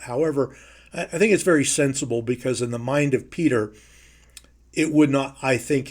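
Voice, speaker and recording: A man teaching a Bible lesson in a measured, emphatic way, slowing down to stress key phrases. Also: medium pitch. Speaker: preacher.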